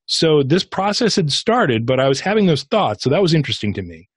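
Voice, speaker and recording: A man's voice: on the high side, a little fast, slightly rough, no room sound. Middle-aged man, podcast guest, casual storytelling, acts out inner voices, dry close sound. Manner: casual, animated retelling with acted inner dialogue. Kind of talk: interview storytelling.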